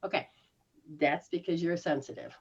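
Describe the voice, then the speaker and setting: A woman's voice: lowish voice, moderate pace, husky, muffled recording. A woman healer coaching someone one-on-one in a casual way, acting out reactions with gasps and laughs. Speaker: spiritual healer giving live sessions.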